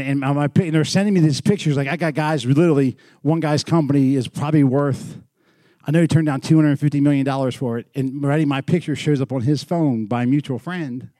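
A middle-aged man preaching a sermon in a church, moving from loud, lively storytelling to quiet, earnest lows. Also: dry recording, studio quality. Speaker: pastor.

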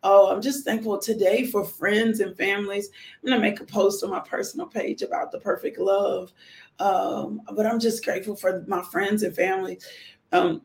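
A woman's voice: medium pitch, fairly even intonation, normal speed, gravelly, darkish tone. A middle-aged woman hosting a live stream, talking in a heartfelt, rambling way and repeating herself. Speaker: livestream host, widowed mother. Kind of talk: casual live-stream chat.

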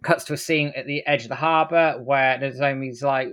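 A man on a podcast gives a quick, casual story recap in an ordinary mid-range voice. He slips short character quotes into his telling without stopping. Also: medium pitch, fairly even intonation, a bit bright. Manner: brisk storytelling, acts out quotes in passing. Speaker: podcast co-host.

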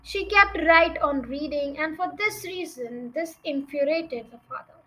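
A woman's voice: high voice, a little slow, bright, forceful tone, rough recording. A young woman reading a children's novel aloud as a storyteller, with chatty asides to her listeners.

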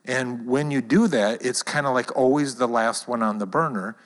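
A man's voice: medium pitch, moderate pace. A man leading a church talk, telling a personal story in a conversational way to his congregation. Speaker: church leader. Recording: long hall reverb.

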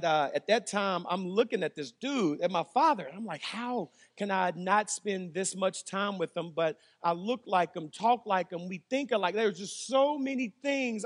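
A man, a pastor preaching and telling jokey personal stories with animated delivery. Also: sits high. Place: church hall. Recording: long hall reverb.

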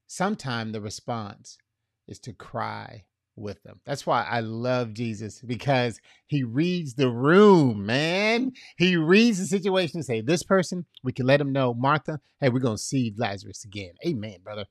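A male pastor delivers a sermon at an unhurried, deliberate pace. He talks conversationally and acts out the scripture dialogue, going quiet on tender lines and loud on emphatic ones. The recording is dry and close, with no room sound. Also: animated, gravelly, no echo. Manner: drops soft and low for tender lines, rises loud for emphasis.

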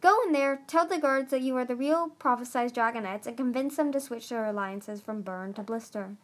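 A woman's voice: fairly high pitch, brisk, lightly acted. A woman reading the part of a huge, cold male dragon who snaps out curt orders. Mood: stern.

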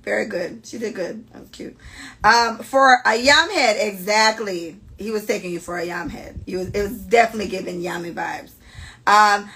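A woman's voice: medium pitch, moderate pace, vocal fry, a bit bright, breathy edge. A woman co-hosting a casual podcast, blunt and profane as she reads out and reacts to listener stories. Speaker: podcast co-host.

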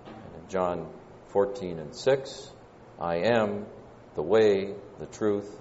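A man with a Southern American accent preaching a sermon, measured and pausing, often saying "uh". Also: sits low, darkish tone, slight background noise. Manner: measured, pausing delivery with frequent "uh" fillers. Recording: dull lo-fi church recording with long reverb.

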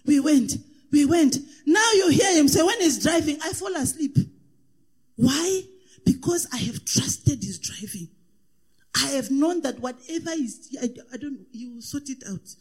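A woman preaching a sermon in a sing-song cadence, swinging between impassioned shouts and hushed asides. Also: sits high, animated, measured pace. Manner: sing-song cadence, repeats praise refrains.

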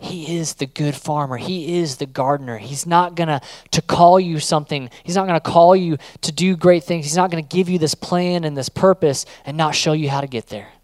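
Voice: medium pitch, moderate pace, few pauses, darkish tone, no room sound. A youth pastor giving a casual sermon, urging listeners on in rhythmic, repeated phrases.

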